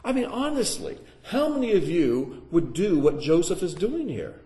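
Animated male preacher in an echoey room. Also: on the high side, moderate pace. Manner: animated, asks the audience questions. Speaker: Bible teacher. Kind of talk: sermon-style Bible teaching. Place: room with a live audience.

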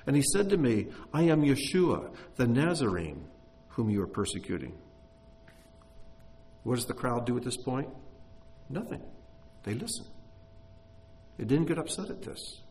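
Male preacher, mid-pitched and lively; reads verses with expression, then drops into easy conversational explanation. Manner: expressive reading, breaks off into plain-spoken commentary. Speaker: Bible teacher. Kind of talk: sermon reading and explaining scripture.

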